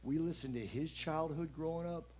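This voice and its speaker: A man giving an inspirational message at a church service, playful and animated, joking with the audience as he talks. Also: on the high side, moderate pace, soft background music. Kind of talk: lively spoken message.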